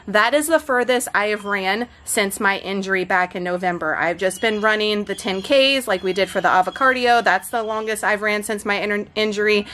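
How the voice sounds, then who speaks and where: A woman in her thirties, a fitness and keto vlogger, chats from home directly to her followers. Her medium-pitched, slightly bright voice is emotional and effusive in this casual vlog.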